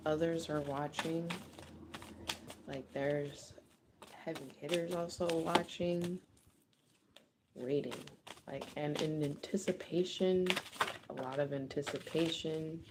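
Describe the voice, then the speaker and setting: A woman reading for her viewers in a low voice. She talks slowly and casually, swears freely and drifts from quiet murmuring into excited outbursts. A faint hiss sits under the voice. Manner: loose, profane, swings from hushed to excited. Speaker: psychic reader. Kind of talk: casual spoken card reading.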